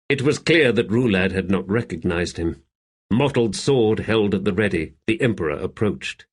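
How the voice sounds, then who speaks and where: Husky low-voiced male narrator. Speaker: audiobook narrator. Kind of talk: scripted narration.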